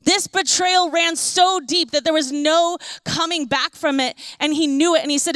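A woman with a high voice preaches by retelling a scripture story. She talks in a conversational way and slows right down on the key words. The sound is dry and close. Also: fairly bright tone, no echo. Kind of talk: sermon storytelling.

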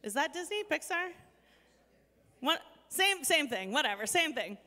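Chatty bright-voiced woman in an echoey hall. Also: high-pitched, very animated, a little slow. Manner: chatty and earnest, frequent "like", self-deprecating asides. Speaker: speaker addressing an audience. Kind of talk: inspirational talk to a live audience.

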